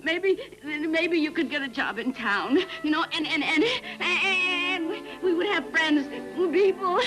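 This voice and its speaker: An actress playing a drunk, lonely, bitter wife who slurs and breaks into tearful shouting. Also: female voice, very high-pitched, measured pace, over music, low-quality recording. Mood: desperate. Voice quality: slurred, tearful, shouting outbursts.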